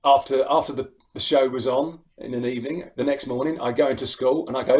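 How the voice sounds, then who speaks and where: Middle-aged english guy on a video call, chatty, laughs a lot, trips over his words, normal pitch. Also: fairly even intonation, quick pace, few pauses, darkish tone, slight background noise. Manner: chatty, laughs often, many restarts. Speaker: impressionist guest. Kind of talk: casual interview chat.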